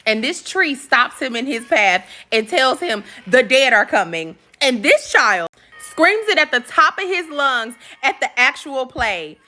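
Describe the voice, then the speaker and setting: A woman with a high, swooping voice recaps a movie in casual commentary. Her tone is bright and sharp, and she talks in an animated, slangy way, full of profanity and laughing asides. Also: measured pace.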